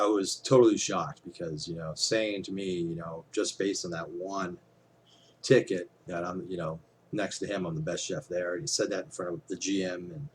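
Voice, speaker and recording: A vlogger with a deep voice talks casually to his camera, rambling with plenty of fillers and casual swearing. There's slight noise in the background.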